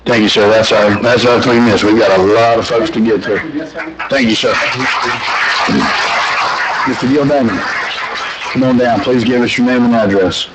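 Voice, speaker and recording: A man chairing a county meeting, calling up speakers in a polite, brisk procedural way. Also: medium pitch, fairly even intonation, heavy background noise.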